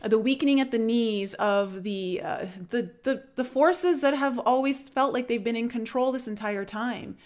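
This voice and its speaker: A woman's voice: on the high side, normal speed, hardly any pauses, darkish tone. A woman hosting a spiritual podcast in casual conversation, emphatic and earnest when she agrees. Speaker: podcast host.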